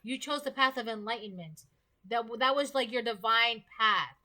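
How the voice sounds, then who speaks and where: A woman talks her viewers through a tarot reading in a casual, earnest way. Her voice sits a little high and sounds bright and forceful. She keeps repeating points and checks in with "okay?" as she goes. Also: moderate pace. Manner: earnest, repetitive, punctuates with "all right?" and "okay?". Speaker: tarot reader.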